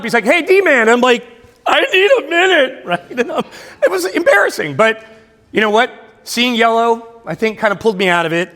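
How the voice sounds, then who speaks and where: A man's voice: high voice, fairly bright tone. A middle-aged man giving a keynote speech in a self-deprecating storytelling way. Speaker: keynote speaker. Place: large hall at a luncheon. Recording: long hall reverb.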